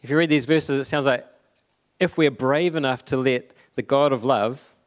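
A young man giving a conversational sermon, halting often with fillers and restarts. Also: mid-range voice. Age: young adult. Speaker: preacher.

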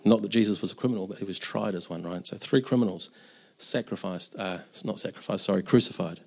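A man's voice: low voice, fast, creaky, breathy edge. Earnest conversational male preacher. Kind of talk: Easter sermon.

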